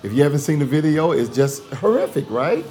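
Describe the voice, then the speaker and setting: A man's voice: fairly high pitch, expressive, fairly quick, mellow. A man, a theologian guest in a conversational interview, talking emphatically and repeating phrases for rhythm.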